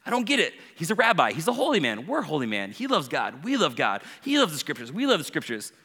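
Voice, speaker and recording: A man's voice: on the high side, huge pitch swings, fast talker, sharp tone, breathy edge, in a large hall, heavily acted. A man voicing puzzled, self-righteous religious men who complain over and over. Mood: baffled. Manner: baffled, repetitive complaining.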